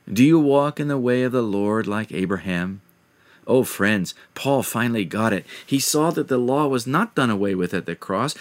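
A man preaching a sermon, reading scripture aloud and putting questions to the listener. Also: mid-range voice.

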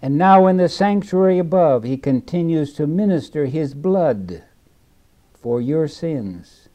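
A man preaching a sermon in a slow, deliberate way, dropping to a hush and then rising loud again. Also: a little high, lively intonation.

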